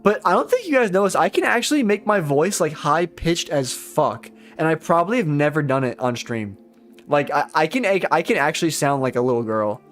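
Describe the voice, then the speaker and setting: A man's voice: fairly high pitch, sing-song, brisk, fairly bright tone, soft background music. A young man trading on a live stream, rambling casually, swearing often, and poking fun at himself. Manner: rambling, profane, self-deprecating. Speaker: live-stream futures trader.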